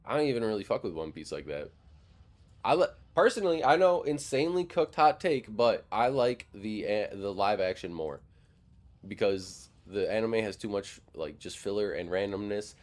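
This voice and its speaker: A man's voice: on the low side, big pitch swings, moderate pace, darkish tone. A young man from Wisconsin streaming a game and chatting casually with viewers, rambling with lots of fillers and swearing. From Wisconsin, near Madison. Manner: rambling, profane, full of "like" fillers. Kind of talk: casual live-stream chat while gaming.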